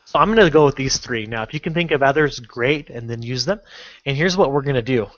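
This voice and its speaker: A man's voice: medium pitch, a bit bright, no room sound. Casual man with dull lo-fi audio. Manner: casual, halting, many fillers and restarts. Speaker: online marketing instructor. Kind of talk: screen-recorded tutorial walkthrough.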